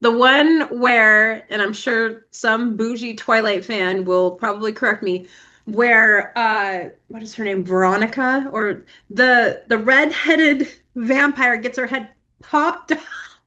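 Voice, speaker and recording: A young woman co-hosting a casual podcast, her voice sitting high. She tells stories with plenty of energy, laughing often and acting out each scene. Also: slow pace, lo-fi sound. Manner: animated storyteller, laughs often, acts out scenes. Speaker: podcast co-host. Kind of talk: casual chat.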